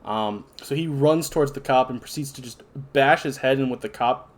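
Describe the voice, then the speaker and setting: A young man co-hosts a casual podcast, chatting through a movie review in a mid-range voice at a moderate pace. He recaps the plot of a horror film in a rambling way, with plenty of fillers.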